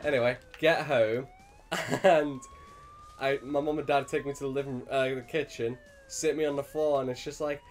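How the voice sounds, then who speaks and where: A young let's play host with a medium-pitched voice, speaking at normal speed over slight background noise, tells a funny childhood anecdote. His casual storytelling is animated and broken up by frequent laughter.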